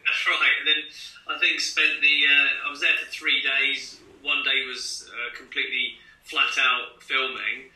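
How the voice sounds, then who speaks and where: A man's voice: medium pitch, flat delivery, unhurried, pushed and bright. A man in his thirties from Scotland, chatting as a runner guest in an interview over a video call, laughing easily. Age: 30s. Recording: roomy and distant video call.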